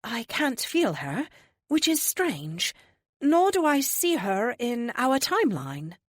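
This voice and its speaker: A woman voicing a calm, knowing female oracle with a sing-song voice in an audiobook. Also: on the high side, slow, no echo, clean studio sound, voice pushed up, heavily acted. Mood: serene. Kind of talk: audiobook character voice.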